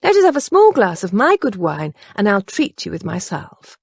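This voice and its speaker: A woman's voice: mid-range voice, huge pitch swings, normal speed, creaky, slightly rough, no room sound, heavily acted. Woman doing a gushing, doting older mother. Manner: gushing, cheerful.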